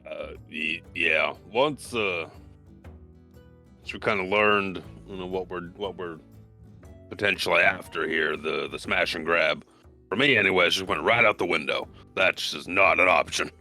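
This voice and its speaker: A man's voice: deep voice, unhurried, bright, forceful tone, soft background music. A man playing in a tabletop game, in a jokey, playful manner. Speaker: player.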